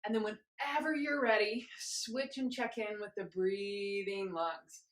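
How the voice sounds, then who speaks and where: Female movement teacher, mid-range voice, gently cueing steps and chanting counts while she moves, recorded in a roomy, echoey space. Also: mid-range voice, steady tone, measured pace. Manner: talks while moving along with the exercise. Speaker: movement instructor. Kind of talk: guided movement class.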